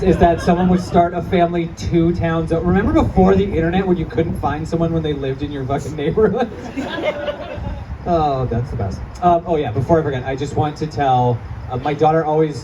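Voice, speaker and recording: A man in his thirties doing a profane, self-mocking stand-up set, laughing through his punchlines. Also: on the high side. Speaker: stand-up comedian. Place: comedy club before a live crowd. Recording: distant stage audio with crowd noise. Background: audience laughter and chatter.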